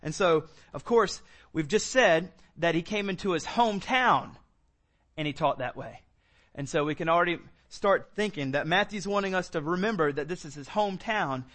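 A man's voice: fairly high pitch, normal speed, fairly bright tone. A man preaching a sermon as pastor, talking in a loose, conversational way with fillers and repeated words.

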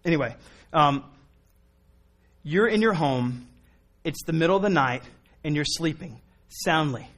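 A man preaching a sermon in an earnest, pleading way, moving from quiet reasoning to impassioned appeals. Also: high voice. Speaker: pastor.

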